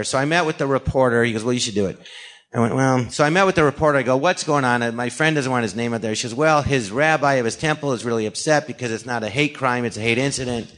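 A man's voice: mid-range voice, fairly bright tone. A man from California, a guest actor and comedian, rambling through a story in a casual interview, acting out quoted dialogue and dropping sarcastic asides. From California, USA.

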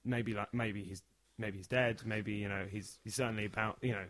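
A man's voice: lowish voice, normal speed, dry recording. Man telling a comic story, dry sound. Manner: animated, acts out the characters. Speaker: storyteller on a chat show.

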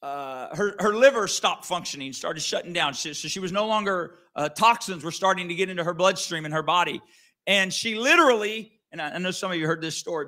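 Male pastor, middle-aged, conversational sermon storyteller, crisp bright tone. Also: sits high. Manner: earnest, conversational, with frequent restarts.

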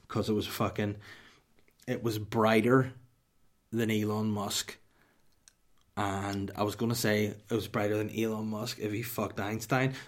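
A man, telling a profane, rambling comic story on a podcast. His voice sits slightly low, and he jokes his way through the tale in a loose, casual way.

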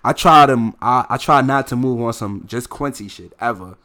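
A young man, a poet talking casually as a podcast guest, animated and swinging between loud laughing bursts and low quiet storytelling. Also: moderate pace. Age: young adult. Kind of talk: casual conversation.

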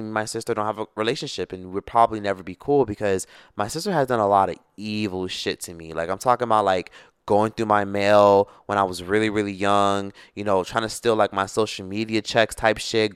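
A young man in his twenties speaks straight into the mic in a casual storytime vlog. His voice sits low, smooth and resonant, and he talks bluntly, swearing freely. The sound is close and dry. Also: dry recording. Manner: blunt, profane, animated storytelling. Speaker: YouTuber.

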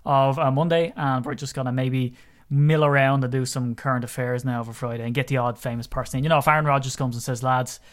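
A man's voice: mid-range voice, steady tone, fast, hardly any pauses. An Irish man co-hosting a podcast, chatting casually and teasing his partner with jokey banter. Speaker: podcast co-host.

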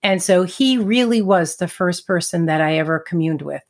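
A woman's voice: on the low side, moderate pace. A middle-aged woman co-hosting a podcast, telling a personal story in a chatty, casual way, acting out what people said. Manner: chatty, laughs between thoughts, acts out quotes. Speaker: podcast co-host and medium.

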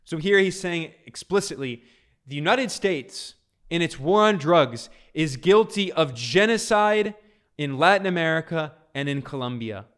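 A man's voice: on the high side, lively intonation, a little slow, fairly bright tone. A man hosting a political commentary video, reading out a speech and explaining it, emphatic and repeating key phrases for stress.

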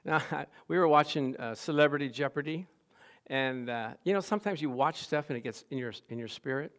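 A man preaching a sermon as pastor, telling stories with laughs and bursts of loud exclamation. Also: on the high side, a little fast. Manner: animated storytelling with laughs, rising to loud exclamations.

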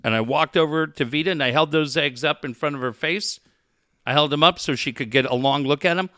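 Radio co-host, man, slightly high voice, profane rants and ad reads. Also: a little fast, no echo, studio quality. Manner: crude, bursts into shouting rants. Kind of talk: profane comedic banter with live ad reads.

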